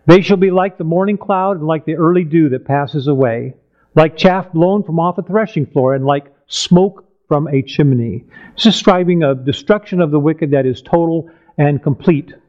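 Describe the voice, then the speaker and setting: A man delivering a Bible teaching sermon in a fairly high voice. He reads verses aloud and then unpacks them with simple questions. The sound is muffled and lo-fi. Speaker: preacher.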